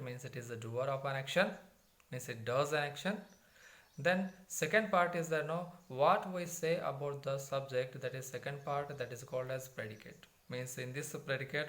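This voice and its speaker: A man's voice: mid-range voice, a bit bright. A man with an Indian English accent teaching a grammar lesson, repeating and rephrasing each point with many fillers and restarts. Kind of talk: grammar lesson explaining from a textbook.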